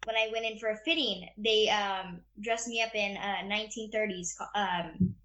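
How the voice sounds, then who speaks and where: Gushing, bright-voiced young actress. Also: female voice, medium pitch, fairly even intonation, moderate pace, lo-fi sound, a little hiss or hum. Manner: bubbly, gushing, full of fillers. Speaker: actress being interviewed. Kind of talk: casual interview chat.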